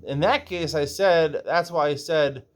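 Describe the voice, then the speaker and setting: A man's voice: fairly high pitch, a little slow. A man teaching a casual Talmud lesson. He reads Aramaic phrases aloud, translates them, and explains each step, often checking in with "right?".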